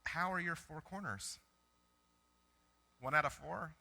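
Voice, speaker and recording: Bright-voiced pastor preaching conversationally. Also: male voice, a little high, slow, creaky. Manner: conversational, animated storytelling with self-corrections. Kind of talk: sermon. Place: church sanctuary.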